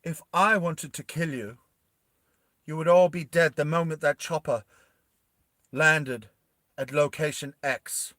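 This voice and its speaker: A cold woman ruler who threatens in a hushed, low voice, as a man puts her on while retelling a movie. The voice is bright but recorded dry and close, with no room sound, and the delivery is slow and measured. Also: fairly even intonation, no room sound. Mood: cold menace. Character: cold, menacing woman who watches from hiding.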